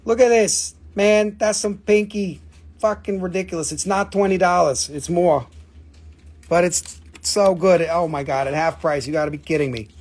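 A man hosting a live mineral sale, excitable and joking with viewers, often swearing. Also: high-pitched, moderate pace, husky. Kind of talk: excited live-stream sales patter.

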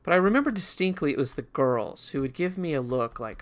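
A man's voice: on the high side, animated, fairly quick. A man telling a rambling, reflective childhood story in casual conversation while commenting on a video game he is playing. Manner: rambling and reflective, with frequent restarts and asides to the game. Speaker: gaming channel host.

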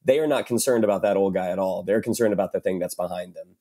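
A man's voice: low-pitched, fast, dark tone. A man guesting on a film podcast, talking thoughtfully with fillers. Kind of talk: casual film discussion.

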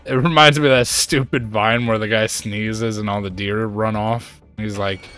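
A man streaming a game and chatting casually, ranting in an animated way and jumping to high exclaims. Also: moderate pace, faint music behind. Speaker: gaming streamer. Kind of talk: casual chat while playing a game.

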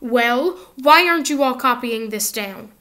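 A woman's voice: high voice, expressive, unhurried, pushed and bright, full character voice. A woman voicing a cold, sneering male potions teacher who snaps his words in a clipped, scornful way in an audiobook reading.

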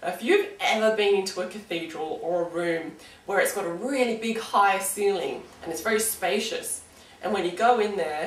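A woman's voice: medium pitch, recorded from a distance. Australian woman, singing teacher, chatty, encouraging, roomy echo, a bit off mic. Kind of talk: casual online singing lesson.

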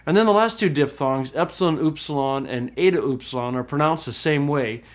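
Man teaching with slow, drawn-out examples. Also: fairly high pitch. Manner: slow, drawn-out demonstration of pronunciations; explanatory, with frequent "okay?" checks. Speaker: Greek teacher. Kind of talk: recorded class lecture.

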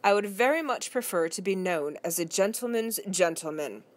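A woman's voice: mid-range voice, expressive, normal speed, close to an everyday voice. Storybook butler, formal and ornate, stiffly polite; woman reader doing him. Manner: ornate, overly formal phrasing. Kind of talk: storybook read-aloud.

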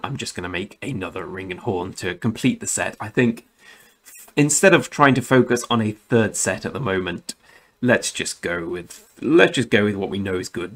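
A young man hosting a gaming channel, talking casually and rambling through game commentary, often correcting himself and swearing now and then. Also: on the low side. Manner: rambling, self-correcting, chatty with mild swearing.

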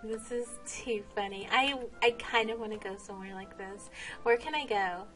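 A woman's voice: medium pitch, moderate pace, a bit bright, faint music behind. A woman vlogging while she plays, chatting casually, laughing and exclaiming often. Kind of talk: casual game vlog commentary.

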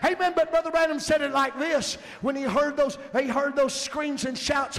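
Fervent high-voiced gravelly male preacher. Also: steady tone, normal speed. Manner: fervent, builds to emphatic shouts. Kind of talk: sermon. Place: church sanctuary. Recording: long church hall reverb.

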